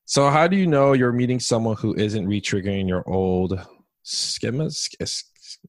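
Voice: mid-range voice, moderate pace. A podcast host reading listener questions in a hesitant way, with many fillers, in a casual interview.

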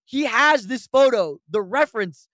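A man hosting a podcast, telling animated stories with acted-out quotes and frequent laughter. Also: extremely high pitch, normal speed, dry recording, studio quality. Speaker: podcast host. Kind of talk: casual podcast chat.

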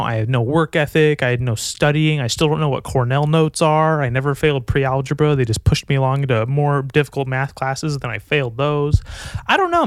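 A man's voice: on the high side, dry recording. A man hosting his own podcast alone, talking in a rambling, profane, self-mocking way in casual chat. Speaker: podcast host. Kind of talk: casual solo podcast monologue. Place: at home with his dog.

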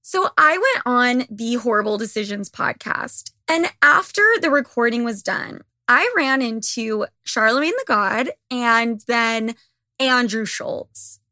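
Young woman podcast host, candid profane rant, slightly high and sharp, dry close mic. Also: expressive, a little slow, dry recording. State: slightly losing her voice. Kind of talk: casual monologue.

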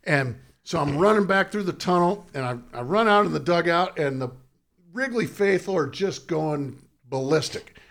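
A man's voice: a little high, vocal fry. A middle-aged man, a former ballplayer, telling a story in casual chat and laughing through it. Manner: laughs through his own story, animated. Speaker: former pro baseball first baseman, guest.

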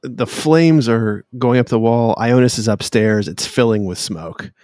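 A man's voice: mid-range voice, a little slow, a little mellow, no room sound, clean studio sound. A man narrating as game master of a tabletop game, talking hesitantly with many fillers.

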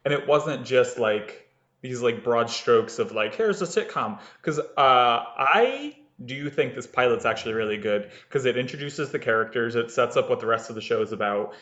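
With a medium-pitched, expressive, somewhat bright voice, a man co-hosting a podcast rambles at a moderate pace in an echoey room. The casual chat is full of fillers and laughter, and the recording sounds slightly dull and lo-fi.

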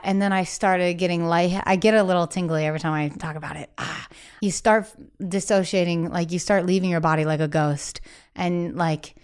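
A young adult woman, a singer-songwriter being interviewed, talking candidly and casually, with frequent "like" fillers and lively acted-out quotes. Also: lowish voice, a little fast, clear, resonant tone. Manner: chatty, many "like" fillers, acts out quoted voices.

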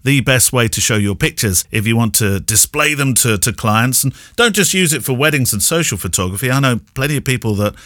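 A man from Yorkshire speaks with a polished English received pronunciation accent, his pitch rising and falling a lot as he chats. He co-hosts a podcast in a dry, close-miked sound with no room around him, and he laughs often between listener questions. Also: no room sound. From Yorkshire, England. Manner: lively, chuckles often, reads listener questions. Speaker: podcast co-host. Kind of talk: casual chat.

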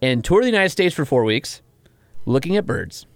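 A man hosting a podcast, telling stories in an animated, chatty way with lots of fillers. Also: medium pitch, normal speed, gravelly, no room sound. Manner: animated storyteller, full of fillers. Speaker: podcast host. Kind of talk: casual podcast chat.

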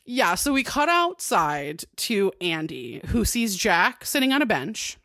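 A woman's voice: mid-range voice, big pitch swings, unhurried, a bit bright, no room sound. Woman podcast cohost, casual recap, laughs a lot, dry close sound. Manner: chatty, laughing, acts out quotes. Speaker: podcast co-host.

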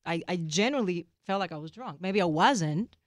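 A woman in her forties co-hosting a podcast with her husband, talking fast and animatedly and laughing often. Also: lowish voice, lively intonation, no room sound, clean studio sound. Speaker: podcast co-host. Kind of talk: casual chat.

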